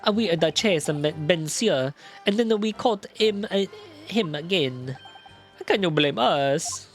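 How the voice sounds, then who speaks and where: A man's voice: fairly high pitch, expressive, measured pace, soft background music. A man voicing a flamboyant, nervous Italian man with an exaggerated put-on Italian accent, reading game dialogue aloud. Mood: theatrical. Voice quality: exaggerated singsong delivery.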